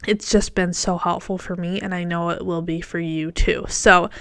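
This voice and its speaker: A woman talks through her solo podcast in a casual, encouraging way, as if chatting with a friend and letting slips roll. Her voice is smooth and clear, with a bit of morning voice. It is recorded close on the mic in a dry space. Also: lowish voice, fairly even intonation, moderate pace, a bit bright, dry recording. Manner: chatty and encouraging, with fillers and self-corrections. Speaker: podcast host.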